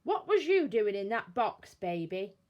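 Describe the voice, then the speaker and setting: A woman reading a storybook aloud, voicing a rough-spoken but kindly grown male burglar who talks in slang and exclaims often. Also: mid-range voice, very animated, unhurried, lo-fi sound. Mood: coaxing.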